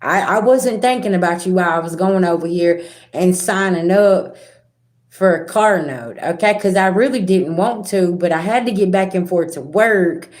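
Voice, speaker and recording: A middle-aged woman, a spiritual reader talking casually and directly to her viewers in a rambling, animated way. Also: fairly low pitch, moderate pace. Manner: animated, rambling, talks straight to viewers with asides. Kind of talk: casual direct-to-camera talk.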